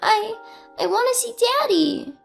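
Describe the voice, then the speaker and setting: A woman's voice: animated, a little slow, vocal fry, faint music behind, heavily acted. A woman voicing a small injured boy who whines and pleads through tears. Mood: pleading. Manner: whiny, tearful, high childlike pleading.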